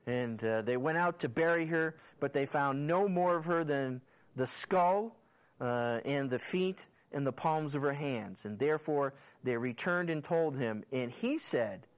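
Male pastor, sermon, lively storytelling, acts out characters, slightly high voice. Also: measured pace, low-quality recording. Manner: animated storyteller who acts out the characters' lines. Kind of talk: sermon, retelling scripture.

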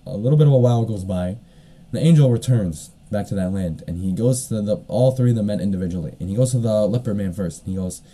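Podcast guy with a deep mellow voice, rambles, lots of "like" and "you know what i mean". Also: quick pace. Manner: rambling, heavy fillers, frequent coughs. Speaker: podcast host. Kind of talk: casual storytelling monologue.

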